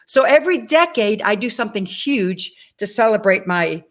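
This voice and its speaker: A woman in her sixties, a guest on an interview show, telling her own story in a lively way, acting out the dialogue and speaking directly to the audience. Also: mid-range voice, moderate pace. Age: 60s. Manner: animated, acts out dialogue in her stories. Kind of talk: personal storytelling.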